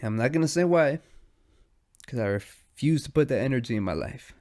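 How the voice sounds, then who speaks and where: A young man hosting a podcast alone, high and sleepy, rambling in casual, profane slang. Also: expressive, normal speed, darkish tone. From United States. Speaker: podcast host. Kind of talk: casual stoned monologue.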